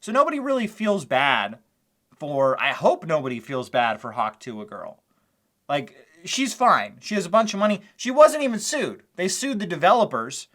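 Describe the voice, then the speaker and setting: A man's voice: on the high side, big pitch swings, normal speed, fairly bright tone. A male commentary host who talks over video clips, mocking and sarcastic, with small laughs between his points.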